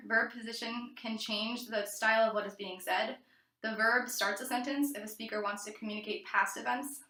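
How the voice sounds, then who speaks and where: Student presenter, woman, crisp bright tone, reads her notes with small stumbles, echoey room. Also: on the high side. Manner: reads from notes, occasional fillers and restarts. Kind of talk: read-aloud class presentation.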